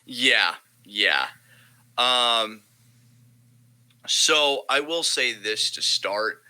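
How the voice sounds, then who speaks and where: Bright, emphatic podcast man. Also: mid-range voice, expressive, very slow, poor audio. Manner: emphatic, profane, repeats phrases for punch. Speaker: wrestling podcast co-host. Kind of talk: casual commentary chat.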